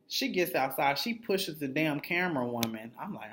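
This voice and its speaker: A man's voice: fairly high pitch, expressive, normal speed, hardly any pauses, fairly bright tone, slight background noise. A man giving a casual, profanity-heavy recap of a reality show episode, blunt and gossipy, slipping into the voices of the people he describes. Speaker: TV recap reviewer.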